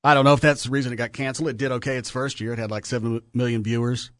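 A man's voice: mid-range voice, little pitch movement, racing, no room sound. A man, hosting a radio show and chatting in an offhand, opinionated way. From Texas. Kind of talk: casual radio chat.

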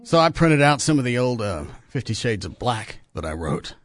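A man's voice: mid-range voice, very animated, normal speed, dry recording. A man hosting a radio show, joking and rambling in casual on-air banter while fumbling with the studio gear.

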